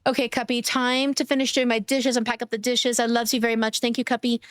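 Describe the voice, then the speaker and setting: A woman's voice: fairly high pitch, flat delivery, quick pace, clean tone, no echo, clean studio sound. Bubbly, affectionate woman streamer. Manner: gushing, affectionate, thanks viewers by name; playful, giggly. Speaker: live streamer. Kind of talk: casual live-stream chat.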